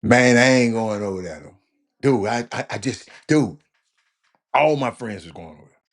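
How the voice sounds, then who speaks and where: A man hosting a casual talk show, rambling and stammering through comments with loud exclamations. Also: mid-range voice, lively intonation, moderate pace.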